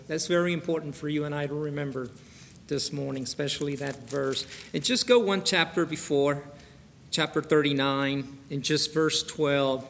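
A middle-aged man preaching a sermon as pastor, chatting in a folksy way, then reading scripture slowly and praying fervently. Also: fairly high pitch, creaky, fairly bright tone. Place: church sanctuary. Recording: long reverb of a large church hall.

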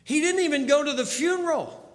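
High bright-voiced preacher in a reverberant hall. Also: male voice, a little fast. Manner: storytelling, swings from hushed to urgent. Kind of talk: sermon.

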